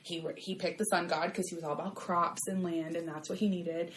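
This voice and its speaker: A woman's voice: on the low side, steady tone, fairly quick. A chatty young woman, co-hosting a podcast and acting out the people in her stories. Her voice sits mid-range and sounds roomy, with a faint hiss under it. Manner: chatty storyteller, acts out quotes. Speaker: podcast co-host. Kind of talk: casual chat.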